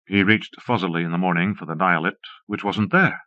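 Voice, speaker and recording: A man with a low voice reads a story aloud steadily and in measured phrases. The recording comes from a dull old cassette and sounds close and dry. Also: steady tone, no room sound. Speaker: audiobook narrator. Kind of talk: audiobook narration.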